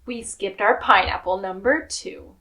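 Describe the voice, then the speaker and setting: A woman's voice: medium pitch, measured pace. A woman co-hosting a podcast, casually recapping a TV episode and acting out the characters' lines with laughs. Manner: animated, acts out quotes with laughs. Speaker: podcast co-host.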